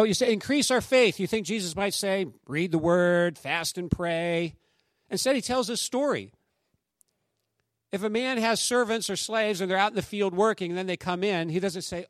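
A man preaching a sermon, speaking in a conversational, animated way and acting out quotes from the people in his stories. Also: high-pitched, no echo, studio quality. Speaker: pastor.

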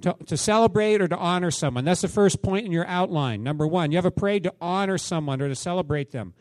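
Male pastor, conversational sermon, questions to the congregation, fairly high voice, dry sound. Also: fast talker, darkish tone, no echo.

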